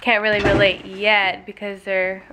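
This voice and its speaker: A woman's voice: medium pitch, flat delivery, unhurried, sharp tone, slight background noise. A young woman chatting casually at home in a vlog, easygoing and chatty, talking to her babies now and then. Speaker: mother vlogger.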